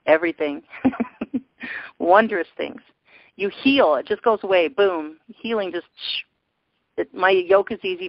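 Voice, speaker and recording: On a dull, lo-fi teleconference recording that sounds dry, a woman with a lowish voice hosts a spiritual call-in show. She guides listeners in a gushing manner, laughing and exclaiming as she goes.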